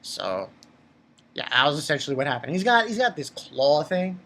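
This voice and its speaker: Excitable rambling man reviewing comics. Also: moderate pace. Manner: excitable and rambling, jumps up in pitch when worked up. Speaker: manga reviewer. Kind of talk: casual chapter review.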